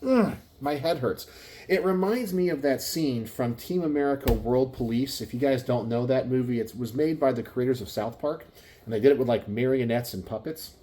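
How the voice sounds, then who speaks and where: A man holds forth on camera from his home garage, his tone ranging between exasperated and ranting. His voice is mellow and dark, sitting at an ordinary middle pitch. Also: fairly quick. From Texas. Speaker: gun channel host. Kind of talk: casual talk to camera.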